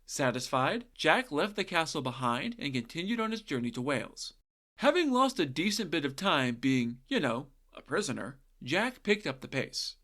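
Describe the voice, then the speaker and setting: A man's voice: a little high, very animated, normal speed, sharp tone. A man retelling a folktale as a podcast host, irreverent and sarcastic, often swearing and adding asides. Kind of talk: comedic narration of folktales.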